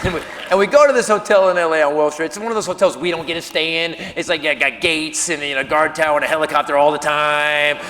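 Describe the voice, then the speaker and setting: A man performing a stand-up routine, telling a story with quick, animated turns between voices. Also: on the high side, crowd noise, background noise. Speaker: stand-up comedian. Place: comedy stage before an audience. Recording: live stage, hall reverb, faint audience.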